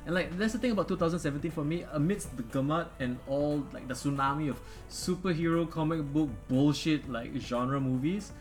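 A man's voice: a little high, brisk, few pauses, soft background music. A man co-hosting a podcast, chatting casually about films, rambling and swearing with frequent laughs. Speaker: podcast co-host.

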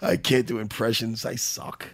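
A man co-hosting a casual talk show, excitable, swearing and laughing often. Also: medium pitch, moderate pace, gravelly. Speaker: co-host. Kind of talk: casual chat.

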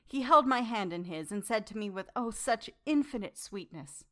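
Reading a classic novel aloud in first person, this female audiobook narrator speaks in the heroine's voice. Her mid-range voice stays measured and demure while her intonation remains lively.

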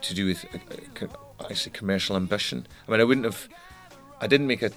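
A musician in an interview, talking candidly, with frequent restarts and the odd swear word. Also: male voice, fairly low pitch, fast, fairly bright tone, soft background music. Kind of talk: reflective interview talk.

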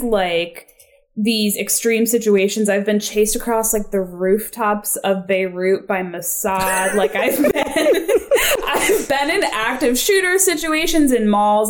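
A young adult woman telling her recovery story as a podcast guest, rambling and self-deprecating, with lots of "like". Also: medium pitch. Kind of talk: casual conversational storytelling.

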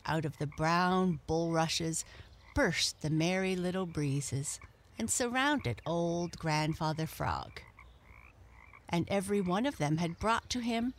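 A woman storyteller reading a children's story aloud in a gentle, expressive way. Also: lowish voice.

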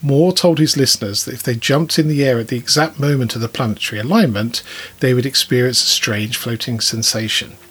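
Husky man chatting on a podcast. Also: mid-range voice, a little fast, a bit bright. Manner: chatty, chuckling storyteller. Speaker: podcast co-host. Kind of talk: casual podcast chat.

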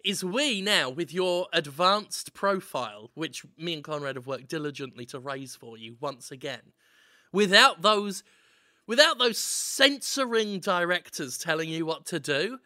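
A man's voice: a little high, animated, measured pace, pushed and bright, dry recording, clean studio sound. A man co-hosting a comedy talk show, spinning absurd bits and announcing like a mock showman. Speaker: podcast co-host. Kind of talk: comedic improvised banter.

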